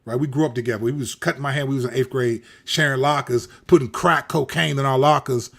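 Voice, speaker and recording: A middle-aged man from the Washington, D.C. area hosts his own channel, telling a personal story fast in a gravelly, medium-pitched voice. He's candid and animated, preaching it out with street slang and lots of repetition.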